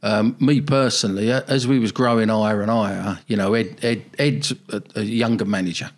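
A man's voice: on the low side, steady tone, a little fast. An older man, a football manager telling rambling, nostalgic stories in a casual interview.

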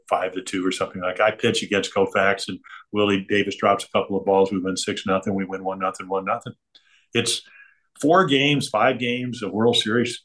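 A man's voice: sits low, a bit bright. An older man, a guest on an interview, telling chatty, digressive stories and chuckling between them. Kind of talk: rambling anecdotal storytelling.

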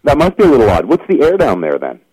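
A man co-hosting a radio show, asking questions in a wry, measured way. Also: mid-range voice, wildly swooping pitch, warm tone, husky, dry recording, low-quality recording. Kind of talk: casual radio chat. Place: studio in Victoria, Canada.

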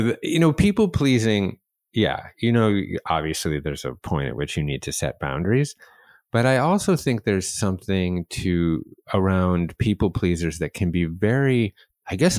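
Male podcast host, very deep voice, dry close sound, animated and self-mocking. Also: moderate pace, dry recording. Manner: animated, self-deprecating storyteller. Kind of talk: conversational interview.

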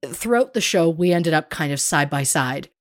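A woman's voice: deep voice, moderate pace, dry recording. A woman co-hosting a podcast, chatting casually and telling a story animatedly, acting out the other people in it. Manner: animated storyteller, acts out quoted voices. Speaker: podcast co-host. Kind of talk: casual chat.

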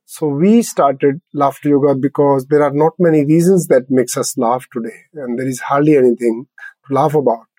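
A man's voice: mid-range voice, steady tone, moderate pace, dark tone, no room sound, low-quality recording. An older man, a guest on a podcast interview, who explains things simply and laughs often. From India. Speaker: laughter yoga founder, guest.

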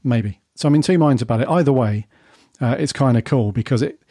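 A man from Britain hosting a podcast, leading a casual chat in a relaxed way. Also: mid-range voice, a little fast, dry recording, clean studio sound. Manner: relaxed, leads the discussion. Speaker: podcast host.

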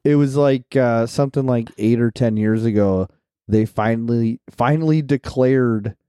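Mellow man rambling in chat. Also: medium pitch, unhurried, clean tone, dry recording, clean studio sound. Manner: rambling, full of "like", laughs easily. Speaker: podcast co-host. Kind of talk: casual chat.

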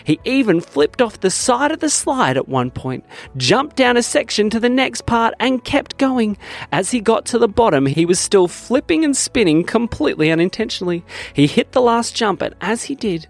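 A man narrating a children's bedtime story in a lively, animated way. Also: sits high, normal speed, creaky, soft background music. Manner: lively storytelling that swings from bright to hushed.

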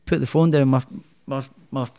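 A young man chats through his boxing career, his stories rambling with a lot of restarts. His voice sits at a middle pitch for a man, loose and unscripted. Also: moderate pace, gravelly, clean tone. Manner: rambling, animated storyteller with many restarts. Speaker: professional boxer, guest. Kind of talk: casual storytelling interview.

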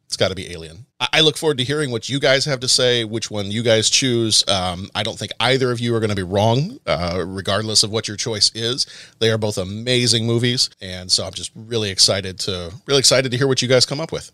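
A lower-voiced man with a bright, forward tone talks eagerly about what he loves, often restarting his sentences. The sound is dry and close, with no room behind him. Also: a little fast, dry recording. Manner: enthusiastic, with frequent restarts. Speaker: podcast co-host. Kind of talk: casual recorded opinion segment.

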